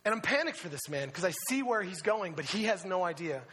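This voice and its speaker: Animated youth pastor, high bright voice. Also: male voice, a little fast, slightly rough, big-room sound. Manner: animated storyteller, bursts into loud excited shouts. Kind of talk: sermon with a story.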